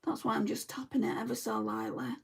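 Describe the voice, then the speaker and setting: A fast-talking beauty vlogger with a fairly high, gravelly, slightly rough voice and flat delivery chats bluntly in a Lancashire accent while doing her makeup and taking viewer comments. She's from Lancashire, England, and is a little far from the mic.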